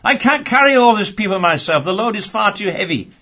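Man reading as an exasperated old prophet, husky voice, pleading, climbing high, dull lo-fi recording. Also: animated, brisk, sharp tone, heavily acted.

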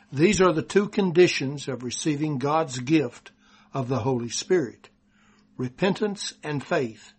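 A man from Texas with a Texan accent, preaching a sermon and reading scripture aloud slowly and deliberately. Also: mid-range voice, husky.

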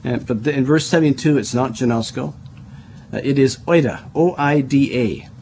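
A man's voice: medium pitch, normal speed, a little mellow, slight background noise. Man teaching a verse-by-verse sermon. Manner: explanatory, repeats and restarts words, spells words out. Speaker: preacher. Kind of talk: Bible study sermon.

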